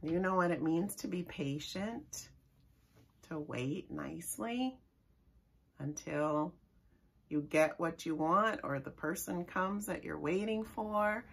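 A woman, a children's librarian, reads a picture book aloud to young children in an expressive, sing-song way and stops now and then to explain words. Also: lowish voice, takes it slowly, vocal fry, slightly rough. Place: library story time recorded for online viewing.

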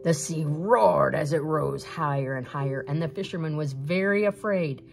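A woman reading a fairy tale aloud as storyteller, with steady, expressive narration. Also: deep voice, moderate pace, vocal fry, soft background music.

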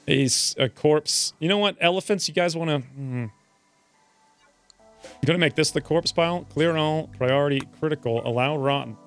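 A man with the hiccups giving casual commentary over his own gameplay, muttering his moves and then yelping when things go wrong. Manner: excitable, jumps between calm muttering and high yelps. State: has the hiccups. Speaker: let's play gamer.

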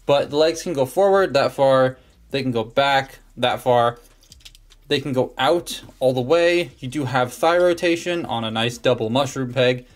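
A man's voice: medium pitch, measured pace. Man casually walking through a toy review. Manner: chatty, self-deprecating, talks through hands-on steps.

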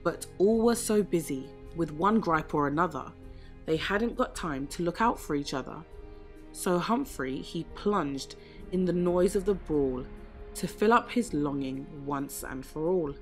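Brief: a gentle woman reading a rhyming children's story unhurriedly over quiet music. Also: lowish voice, lively intonation. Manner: slow, gentle, measured reading. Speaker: storybook reader. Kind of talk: rhyming picture-book read-aloud. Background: soft background music.

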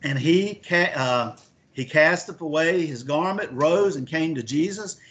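A man's voice: on the high side, unhurried, a bit bright. A man teaching a Bible lesson, reading scripture aloud and asking his listeners questions. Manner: asks the class questions, reads scripture aloud.

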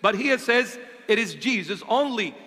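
A man preaching a sermon as a bishop, impassioned and full of rhetorical questions, swinging between loud and hushed delivery. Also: high voice, lively intonation, normal speed. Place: church. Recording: long church reverb.

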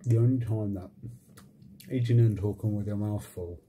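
A man chats casually between messy bites for a mukbang ASMR video, wry and self-mocking, with casual swearing. His voice sits low and mellow. It is recorded on a phone at home, with faint noise underneath. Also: steady tone, normal speed. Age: adult, married. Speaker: ASMR channel host. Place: home with washing machine and computer running.

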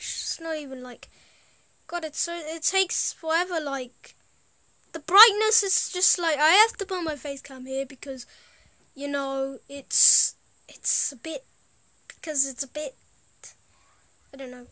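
Female gaming host: high voice, slow rambling chat, dry close sound. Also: bright, forceful tone, dry recording. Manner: rambling, easily amused, trails off. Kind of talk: casual gameplay commentary.

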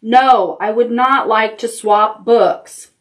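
Lady reading as a grumpy old storybook bear, slow and stressed words. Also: a little high. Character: grouchy male bear who wants to be left alone.

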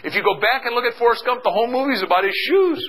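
A middle-aged man giving an energetic motivational seminar talk, calling out questions for the audience to answer. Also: very high-pitched, fast talker, rough recording. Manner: energetic, call-and-response with the audience. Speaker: seminar speaker.

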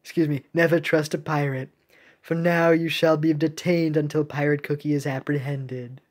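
Game villain-ish captain: stern, formal, British-accented female ice captain, done by a woman reader, low and measured. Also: little pitch movement, a little mellow. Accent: British (put on).

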